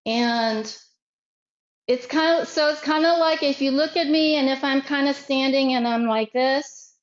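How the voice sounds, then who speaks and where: A woman teaching a self-defense workshop, speaking deliberately with frequent repeats and restarts. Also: high voice. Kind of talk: workshop instruction. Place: online workshop. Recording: echoey, muffled room recording.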